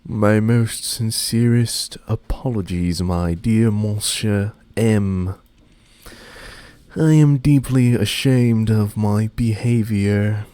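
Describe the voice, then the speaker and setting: A man voicing a slow, overly polite male manservant while reading a visual novel aloud, speaking in a stately, formal way. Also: lowish voice, warm tone, clean tone, no room sound.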